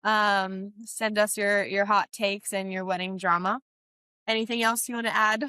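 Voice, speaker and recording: Brief: young woman planner-host, bright tone, dry close sound, filler-heavy casual chat. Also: mid-range voice, flat delivery, moderate pace, clear, resonant tone, dry recording. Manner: chatty, many fillers like "um" and "like". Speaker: podcast host, wedding planner.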